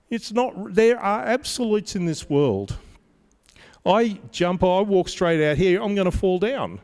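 A man's voice: high-pitched, animated, unhurried, darkish tone, in a large hall. A middle-aged man preaching a sermon, telling stories in a conversational way with humorous asides. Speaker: pastor.

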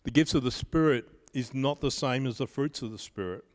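A pastor in his fifties preaches a sermon at medium pitch in a measured manner, blending scripture with personal stories. The recording carries the long reverb of a large hall.

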